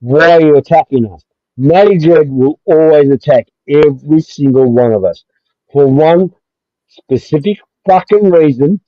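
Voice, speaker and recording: In dry, dull lo-fi stream audio, a fairly high-voiced man hosting a livestream rants with aggressive heat. He keeps swearing and repeating himself throughout.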